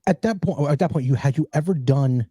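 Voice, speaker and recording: A man hosting a podcast, with a husky, very dark and mellow voice. He reacts with excitement and stumbles over his words as he asks questions. The sound is close and dry. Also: on the high side, fairly quick, dry recording. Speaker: podcast host. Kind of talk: casual interview chat.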